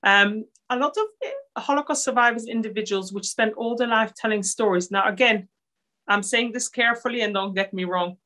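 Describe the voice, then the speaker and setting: A woman who grew up in Israel, giving an earnest talk over slides at a Holocaust centre, with many pauses and fillers. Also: fairly high pitch, bright, forceful tone.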